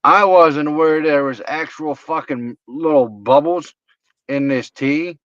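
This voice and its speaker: A man's voice: fairly high pitch, a little slow, fairly bright tone, no echo. A man co-hosting a podcast, telling a laid-back, profane funny story about his truck and his wife. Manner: laid-back, swearing, amused. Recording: slightly muffled, dry.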